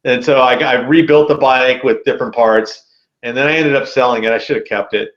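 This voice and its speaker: A man as a podcast guest telling a story in a casual, animated way, with a lot of slang. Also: medium pitch, a little fast, roomy sound, lo-fi sound.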